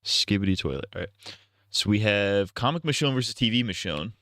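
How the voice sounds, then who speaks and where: A man's voice: lowish voice, expressive, a little fast, a bit bright, no room sound, studio quality. A man hosting a casual live stream, reacting to a video and cracking goofy, crude jokes between comments. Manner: joking, goofy asides and crude banter.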